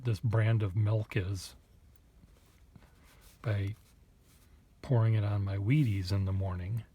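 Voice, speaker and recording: A man vlogging casually, thinking aloud in a halting, self-deprecating way, with muttered asides. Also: on the low side, mellow, breathy edge.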